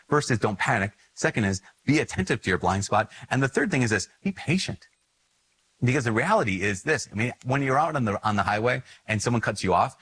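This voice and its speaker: Low, husky-voiced priest giving a homily. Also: male voice, fairly bright tone, rough recording. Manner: earnest, conversational, with asides and acted-out inner voices. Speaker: Catholic priest. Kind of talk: conversational homily.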